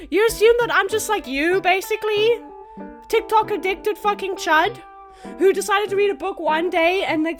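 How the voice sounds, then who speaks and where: Female creator, very high pitch, profane and exasperated unscripted rant. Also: a bit bright. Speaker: online video creator.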